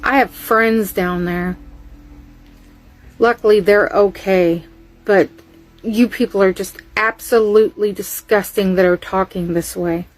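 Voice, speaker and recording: A woman's voice: medium pitch, steady tone, unhurried, no echo, soft background music, low-quality recording. A woman scolding people for their behavior in a reaction video, with a disgusted manner.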